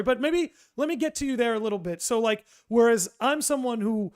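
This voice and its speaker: A man's voice: very high-pitched, expressive, fairly quick, smooth. A man hosting a casual podcast chat, talking eagerly and steering the talk with open questions to his guest. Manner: enthusiastic, leading questions. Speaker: podcast host.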